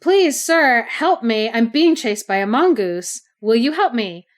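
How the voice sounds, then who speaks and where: Woman voicing a frightened snake heroine, storybook, begging and high. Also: expressive, measured pace. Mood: pleading. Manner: pleading, urgent. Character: frightened female cobra pleading for help.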